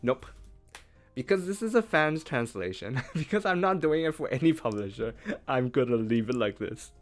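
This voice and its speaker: Chatty man with a lively, bouncing pitch. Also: normal speed, faint music behind. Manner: chatty, talks through his thinking. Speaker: translator. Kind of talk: casual live-translation commentary.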